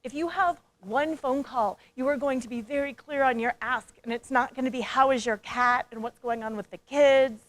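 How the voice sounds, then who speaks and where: A woman's voice: high-pitched, moderate pace, few pauses. A woman speaker and coach giving a motivational conference talk, playful and engaging, who asks the audience questions and acts out quoted voices.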